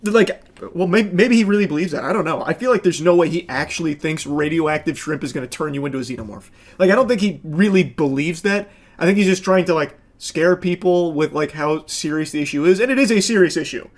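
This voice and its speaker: A man's voice: on the high side, fairly quick. A man streaming casual reaction commentary, sarcastic and exasperated, swearing often as he picks apart a clip.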